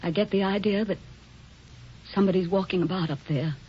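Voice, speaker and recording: A woman's voice: mid-range voice, brisk, slightly rough, lightly acted. A woman playing a frightened young Victorian wife in a 1940s radio drama, tremulous and pleading. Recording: dull old radio broadcast.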